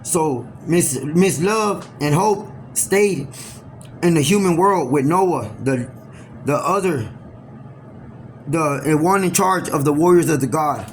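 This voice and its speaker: A man telling a homemade story aloud, rambling and halting, often restarting his sentences. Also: fairly high pitch, a little hiss or hum. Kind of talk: improvised oral storytelling.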